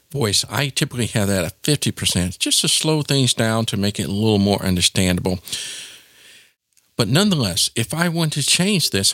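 A man's voice: lowish voice, a bit bright, dry recording, studio quality. A man giving a casual spoken tutorial in a chatty, informal way, with plenty of asides. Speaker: tech tutorial presenter.

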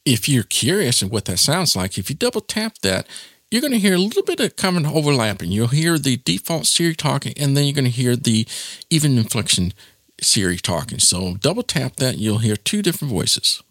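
A man's voice: mid-range voice, sing-song, brisk, fairly bright tone, no echo, studio quality. A man giving a casual spoken tutorial in a chatty, informal way, with plenty of asides. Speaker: tech tutorial presenter.

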